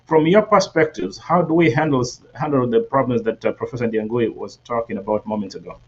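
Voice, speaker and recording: Male panel moderator, mid pitch, steady and inviting, muffled lo-fi recording. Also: a little fast, slightly rough. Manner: steady, inviting, uses fillers. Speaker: host. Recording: dull lo-fi audio.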